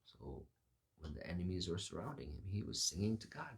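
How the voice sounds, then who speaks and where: A low-voiced man preaches a sermon with a gravelly, husky tone. He slips into lively voices to act out the Bible figures he talks about. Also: brisk.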